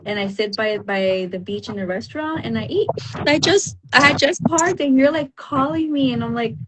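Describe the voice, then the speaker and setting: A woman's voice: on the high side, normal speed. Reflective woman on a noisy, clicking line. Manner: reflective, speaks in prayerful church language. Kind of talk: casual faith-based chat.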